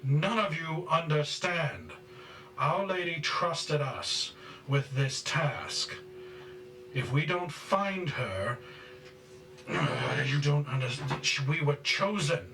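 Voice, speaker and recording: A man voicing a stern, zealous high priest and father who berates people loudly and slowly in a tabletop game. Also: echoey room, recorded from a distance, slight background noise, full character voice. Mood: angry berating. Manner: loud, slow and berating.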